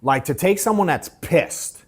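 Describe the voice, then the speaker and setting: In front of a workshop audience, a man teaches sales in a casual, joking style, his voice carrying a breathy edge. His pitch rises and falls a lot with lively intonation at a moderate pace. He swears openly, says bro and dude, and acts out his inner thoughts while telling stories.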